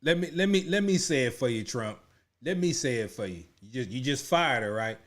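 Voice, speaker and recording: A man's voice: mid-range voice, animated, brisk, slight background noise. A man hosting a live reaction stream, talking in a blunt, slangy, colloquial way. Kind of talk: casual live reaction commentary.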